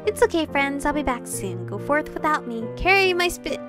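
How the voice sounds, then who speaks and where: A woman's voice: high-pitched, very animated, pitched above the performer's own voice. A woman voicing a cheeky, playful young male spirit who talks in a cheery tone, with music behind her. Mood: teasing. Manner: cheery, goofy, quick to grin.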